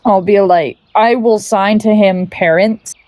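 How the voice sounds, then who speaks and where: A woman's voice: medium pitch, steady tone, a little slow, mellow, no room sound. A woman at a tabletop game talks through her character's moves in a chatty, casual way, with frequent laughs. Her voice sits in a middle register, recorded dry and close. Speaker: player. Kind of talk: casual tabletop role-play.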